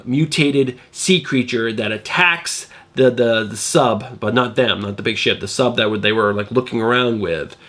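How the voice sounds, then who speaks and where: A man's voice: mid-range voice, fairly bright tone. A middle-aged man hosting a comic book channel, sounding nasal from a cold, chatting in a rambling way with lots of fillers. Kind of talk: casual video review.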